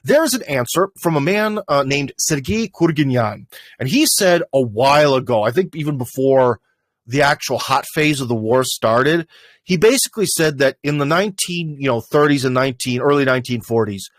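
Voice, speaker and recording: A fairly high-voiced American man chats on a livestream in a loose, rambling way, full of "uh"s and half-finished starts. His voice is close and dry, with no room around it. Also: no echo. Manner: rambling, conversational, lots of fillers and restarts. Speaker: livestream host. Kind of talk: casual livestream commentary.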